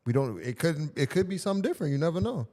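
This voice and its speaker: A man's voice: fairly high pitch, sing-song, rapid-fire, warm tone, in a large hall. A man co-hosting a casual podcast in a playful, teasing manner. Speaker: podcast co-host. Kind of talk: casual chat.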